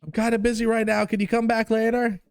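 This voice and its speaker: A man voicing an excitable teenage daughter in a game, gushing and squealing as he reads on a live stream. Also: extremely high pitch, quick pace, clear, resonant tone, no room sound, pitched above the performer's own voice. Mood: impatient.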